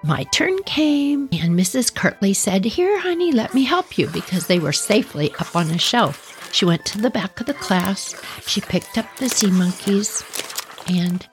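A woman hosting a podcast, telling a childhood story in a chatty, animated way and talking straight to her listeners. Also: lowish voice, measured pace, soft background music. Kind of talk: casual storytelling.

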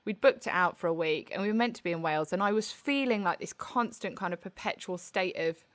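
A woman's voice: on the low side, brisk. A woman co-hosting a casual chat, speaking candidly and reflectively, often restarting her sentences.

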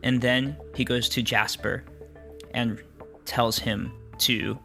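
A man narrating a tabletop game as game master, describing the scene in an unhurried storytelling manner. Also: medium pitch, fairly even intonation, gravelly, sharp tone, soft background music.

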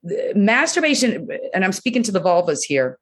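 A woman's voice: mid-range voice, sing-song, normal speed. A woman urologist speaking as a guest in an interview, talking frankly and animatedly, full of "you know" and acted-out quotes. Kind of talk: candid conversational interview.

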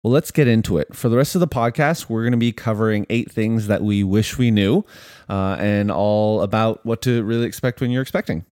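A man's voice: on the low side, fairly quick, dry recording, studio quality. Upbeat Canadian man hosting a podcast. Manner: relaxed and upbeat, laughs along. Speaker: podcast host. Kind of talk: casual chat.

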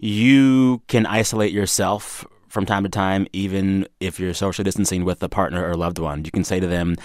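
A man's voice: sits low, steady tone, moderate pace, hardly any pauses, dry recording, studio quality. A man hosting a radio show, chatting casually with a guest in a playful, upbeat way and laughing easily. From Texas. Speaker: radio host.

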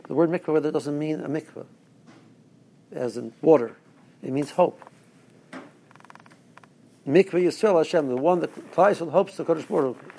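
A man's voice: a little high, creaky, dark tone, a little hiss or hum. A man, a rabbi, giving a rambling Torah talk to his listeners with stories and asides. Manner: rambling, restarts, storytelling asides.

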